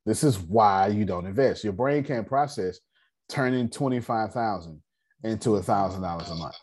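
Over a video call, a finance class leader runs a casual online group lesson in a husky, low voice at normal speed. He's animated and teasing, repeating things for emphasis.

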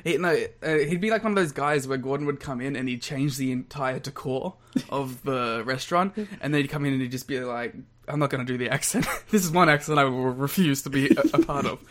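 A man, co-hosting a podcast in casual chat, lively and quick to laugh as he rambles through stories. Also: medium pitch. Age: 20s. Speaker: podcast co-host.

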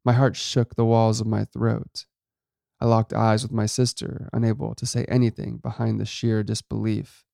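Gravelly low-voiced male horror narrator. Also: level tone, normal speed, dark tone, no echo, clean studio sound. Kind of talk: first-person horror story narration.

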